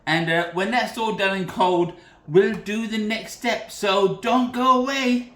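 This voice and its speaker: Man from Britain, casual cooking host, fairly high voice, roomy echoey kitchen, chatty and rambling. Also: steady tone, measured pace, fairly bright tone. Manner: chatty, loose, self-correcting. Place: home kitchen.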